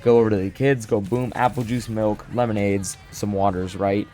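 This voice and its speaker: A young man telling a casual storytime, animated and self-deprecating, often restarting his sentences. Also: on the low side, normal speed. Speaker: storyteller vlogger.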